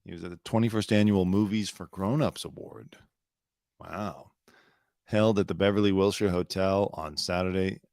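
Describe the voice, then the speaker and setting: Hosting his own show, a man delivers casual solo commentary full of sarcasm, rambling and swearing freely. His low voice is steady and a little mellow at normal speed, captured in studio quality with no room sound.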